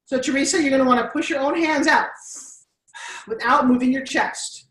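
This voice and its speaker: An on-camera presence coach with a New York accent leads students through workshop exercises, speaking at normal speed in a high-sitting voice. She is far from the mic in an echoey classroom, animated and coaxing as she directs the group.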